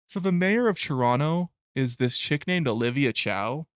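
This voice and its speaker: A man's voice: medium pitch, animated, moderate pace, clean tone, no echo, clean studio sound. A young adult man chatting casually on a live stream, rambling and swearing, often breaking into laughter. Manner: rambling, profane, laughs a lot.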